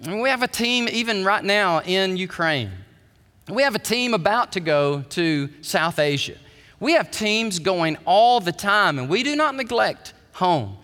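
A pastor preaches in a big church, his bright, forceful voice ringing through a long reverb. He swings from hushed, low asides up to high, loud bursts. His pitch sits a little high for a man. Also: lively intonation, a little slow. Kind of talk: sermon. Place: church sanctuary.

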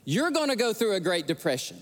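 A man's voice: high voice, very animated, a little fast, pitched above the performer's own voice. A man voicing a frugal old grandmother who lived through hard times, giving a stern warning. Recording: long hall reverb.

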